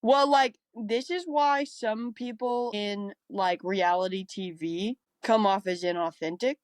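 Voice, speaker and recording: A woman from Appalachia chatting casually on a podcast, animated and quick to mimic other voices. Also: medium pitch, clear, resonant tone, no room sound. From Appalachia, United States. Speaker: podcast guest.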